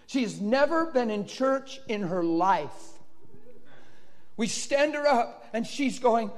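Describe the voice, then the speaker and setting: A man preaching a sermon, telling a personal story with fervent, sudden loud outbursts. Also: high-pitched, animated, measured pace. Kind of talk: sermon testimony. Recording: long reverb of a large hall.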